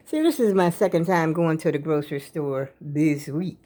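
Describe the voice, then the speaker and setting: A woman's voice: low voice, moderate pace, warm tone. An older woman, chatting casually to her viewers in a rambling way, a bit out of breath. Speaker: vlogger. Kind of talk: casual vlog chat.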